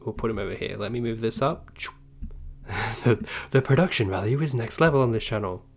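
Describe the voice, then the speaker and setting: A man's voice: mid-range voice, expressive, a little fast, darkish tone. A man hosting a casual live stream who rambles, apologizes often, jokes and keeps interrupting himself.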